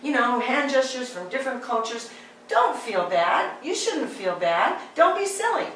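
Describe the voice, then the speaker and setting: A woman voicing a brisk, dismissive mother who insists on her point, recorded from a distance in a roomy hall. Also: sits high, animated, a bit bright, slight background noise, pitched above the performer's own voice. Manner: insistent, scolding.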